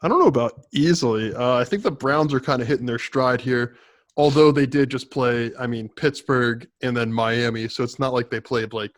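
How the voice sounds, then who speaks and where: A man's voice: mid-range voice, moderate pace, dry recording. A young man with a mid-range voice co-hosts a casual sports podcast. He talks with dry humor and hedges his game picks in a hesitant way. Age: young adult. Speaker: co-host.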